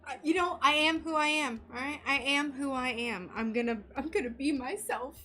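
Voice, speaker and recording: A woman's voice: sits high, moderate pace, pushed and bright. An American woman livestreaming her stained glass craft, chatting casually and giggling as she greets viewers.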